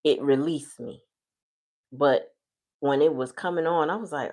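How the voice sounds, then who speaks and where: A woman's voice: low-pitched, animated, normal speed, darkish tone. A woman giving a casual, chatty tarot reading on a livestream, talking loosely with folksy slang. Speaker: tarot reader.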